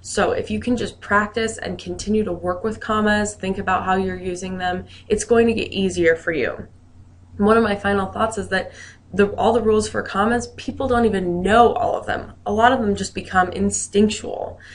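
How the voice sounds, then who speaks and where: A woman teacher talks through a recorded grammar lesson in a mid-pitched, everyday voice. Her delivery is friendly and explanatory, broken up by light joking asides. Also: fairly even intonation, normal speed.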